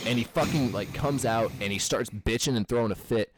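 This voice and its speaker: A man's voice: mid-range voice, brisk, noisy background. A young man from the American Midwest telling a podcast story in casual chat, with many fillers and a lot of swearing.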